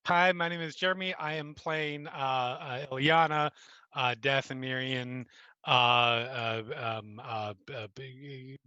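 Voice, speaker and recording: A man's voice: medium pitch, steady tone, slow pace, sharp tone, clean tone, dry recording, highs cut off. A man introducing his character in a tabletop game, hesitant and full of fillers. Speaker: player. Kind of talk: casual tabletop game chat.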